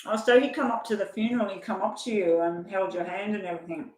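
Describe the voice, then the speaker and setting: A woman's voice: mid-range voice, fairly even intonation, fast talker, echoey room, poor audio. An older woman giving a chatty, rambling live-stream tarot reading, at times talking while she eats. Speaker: tarot reader.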